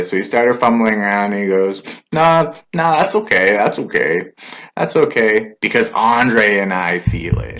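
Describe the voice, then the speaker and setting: A man's voice: medium pitch, bright, forceful tone. A man giving a casual spoken recap of a wrestling show, loose and conversational with filler words and asides.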